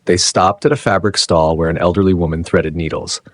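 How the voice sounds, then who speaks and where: A man reading a dramatic story as narrator in measured, short phrases. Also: sits low, fairly even intonation, no room sound.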